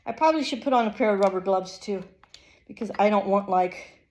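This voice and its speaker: A lifestyle vlogger talks casually at home, first working out and then tackling a kitchen project, rambling with lots of ums and sounding a bit out of breath from the exercise. Her mid-range voice is a little fast and darkish, picked up by a distant mic in a reverberant space.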